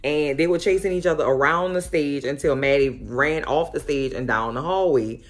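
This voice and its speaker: A woman hosting a casual recap of a TV episode, telling it in a sassy, animated way full of exclamations. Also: sits low, normal speed. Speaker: host.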